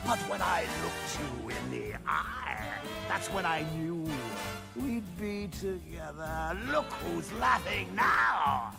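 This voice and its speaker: A man performs a manic, gloating clown villain who sings and cackles, his voice swooping wildly up and down. He sings slowly and with a gravelly edge. The song sits under a loud backing track. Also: fairly high pitch, sing-song, loud music behind the voice, heavily acted.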